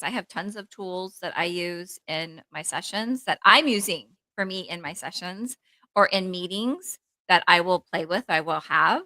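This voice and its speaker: A woman therapist co-hosting a casual podcast chat, talking in an animated, rambling way with lots of "like" and acting out her own inner voice. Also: on the low side, unhurried, no room sound, rough recording. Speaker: therapist co-host.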